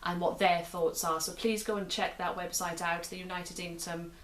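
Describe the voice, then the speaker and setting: A British woman with a slightly low voice talks through a pen review in a relaxed, chatty way. She often repeats and restarts her phrases as she points out details. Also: moderate pace. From United Kingdom. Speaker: pen reviewer and show host. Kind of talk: casual product review.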